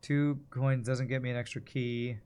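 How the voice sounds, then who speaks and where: A man's voice: mid-range voice, flat delivery, normal speed, darkish tone, clear, resonant tone. American man musing through a game. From United States. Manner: thinking aloud, rambling and musing. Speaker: streamer playing a video game. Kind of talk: casual gameplay commentary.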